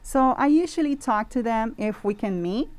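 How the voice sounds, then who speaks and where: A woman with a Spanish accent, a Spanish teacher talking as a guest on a casual podcast, animated and laughing often as she acts out her students. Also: a little high, normal speed. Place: indoor podcast recording.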